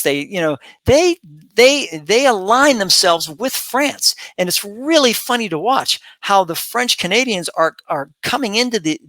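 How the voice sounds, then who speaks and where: Rambling bright-voiced man giving opinions. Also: high voice, no room sound. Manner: rambling, repetitive, with many fillers and restarts. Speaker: commentary channel host. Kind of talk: opinion monologue.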